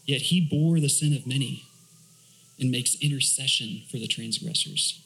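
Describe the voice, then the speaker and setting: A man's voice: medium pitch, moderate pace, fairly bright tone, poor audio. A man, a church elder, preaching a sermon, asking rhetorical questions, reading scripture aloud and explaining Hebrew words.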